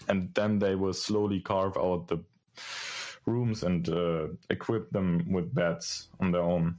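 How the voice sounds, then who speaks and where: A man's voice: sits low, fairly even intonation, unhurried, a little mellow. A man with a German accent, a native German speaker, chatting casually about games, hesitant and full of fillers. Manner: thoughtful, hesitant with many fillers. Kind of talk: casual chat.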